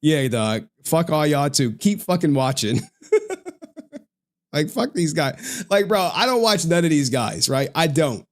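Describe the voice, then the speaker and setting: A man's voice: fairly high pitch, sing-song, a little slow. A man on a livestream ranting in a slangy, profane, trash-talking style, laughing often. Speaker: streamer.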